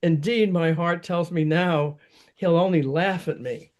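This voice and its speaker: A man's voice: on the high side, steady tone, unhurried, darkish tone, close to an everyday voice. A lovesick, anxious young woman, read aloud by a man. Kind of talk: reading a libretto aloud.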